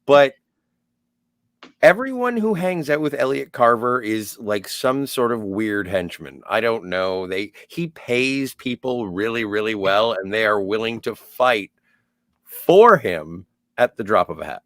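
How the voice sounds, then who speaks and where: A man on a podcast jumps in with emphatic takes on the movie, his pitch swinging up and down as he gets excited. His voice sits mid-range for a man, and the recording is dry and close. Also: unhurried, dry recording. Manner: animated, emphatic reactions. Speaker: podcast co-host. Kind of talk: casual podcast discussion.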